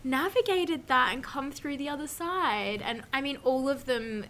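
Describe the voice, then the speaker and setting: A woman's voice: sits high, animated, unhurried, fairly bright tone, slight background noise. Chatty woman recommending a book. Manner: chatty, many "like" and "um" fillers. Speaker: guest describing a book. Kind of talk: casual podcast chat.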